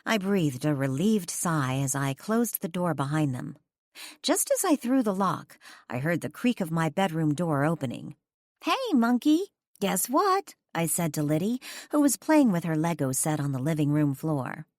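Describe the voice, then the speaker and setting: Female romance narrator, low-set voice, dramatic animated delivery, dry booth recording. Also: moderate pace, dry recording. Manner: expressive, dramatic, sweeps high for dialogue. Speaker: audiobook narrator. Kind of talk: first-person romance audiobook narration.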